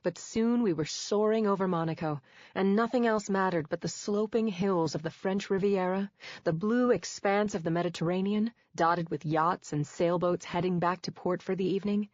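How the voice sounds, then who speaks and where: Woman narrator, low voice, wry and measured first-person read; dull, dry studio sound. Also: darkish tone, no room sound. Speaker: audiobook narrator.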